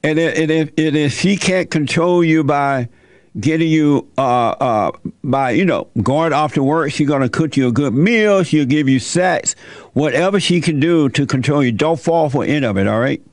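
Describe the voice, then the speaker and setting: Brief: male call-in host, gravelly and a bit high, preachy folksy advice, dry close mic. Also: moderate pace, dry recording. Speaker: talk show host giving advice to callers.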